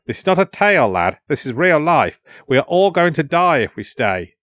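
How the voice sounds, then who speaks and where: A man voicing a scornful, blunt warrior in an audiobook, lifting his pitch slightly and sneering. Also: big pitch swings, moderate pace, a bit bright, no room sound, studio quality. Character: scornful older male warrior, mocking and blunt.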